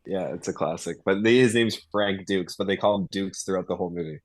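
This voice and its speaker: A man's voice: low-pitched, a little fast, dry recording. A man co-hosting a casual post-game stream, easygoing and slangy, often restarting his sentences. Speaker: co-host.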